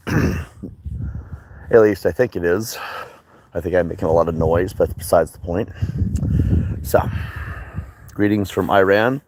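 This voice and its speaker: A man in his thirties from Michigan chatting on a live stream, his pitch swinging up and down as he rambles. He talks in a loose, sarcastic, joking way and swears freely. A clear layer of background noise sits under his voice. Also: low-quality recording. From Michigan, United States. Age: 30s. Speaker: livestreamer. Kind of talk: casual livestream chat, reading viewer comments.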